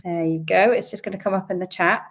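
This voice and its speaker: A British woman from the UK, a little croaky from a sore throat, hosting a chatty, upbeat live-stream Q&A from home and greeting her viewers. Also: fairly low pitch, steady tone, fast talker. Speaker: host. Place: home indoors.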